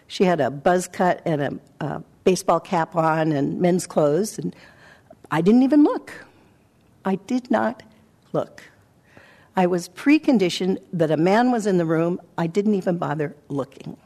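A woman meditation teacher giving a dharma talk, telling a personal story in a reflective, halting way with soft pauses. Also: lowish voice. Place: meditation center hall.

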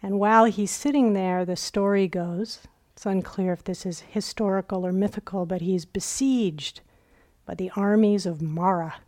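A woman's voice: medium pitch, fairly even intonation, normal speed, darkish tone. A woman meditation teacher giving a dharma talk at a retreat center, telling stories reflectively and acting out quoted inner voices.

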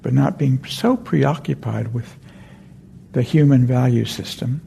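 A male meditation teacher talks gently in a deep-toned, gravelly, mellow voice, meandering and correcting himself as he goes. Faint noise sits under the talk in the hall. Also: measured pace. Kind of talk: dharma talk with a story.

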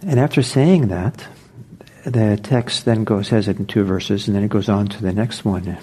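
A man giving a dharma talk as a meditation teacher, reflective and unhurried, pausing often and restarting his sentences. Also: lowish voice, dark tone, slightly rough. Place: meditation center.

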